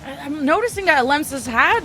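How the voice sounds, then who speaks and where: High-voiced analytical esports caster woman. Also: lively intonation, brisk, bright, forceful tone, faint music behind. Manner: analytical, laughs easily. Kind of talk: live color commentary.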